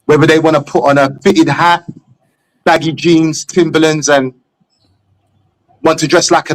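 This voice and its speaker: A man from England with a slightly high, fairly bright voice appears as a guest on a live stream, chatting casually. He's blunt and opinionated, swearing freely as he talks.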